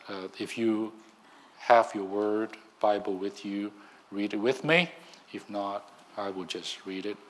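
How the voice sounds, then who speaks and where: Slow, emphatic male preacher. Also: lowish voice, fairly bright tone. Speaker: minister. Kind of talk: sermon.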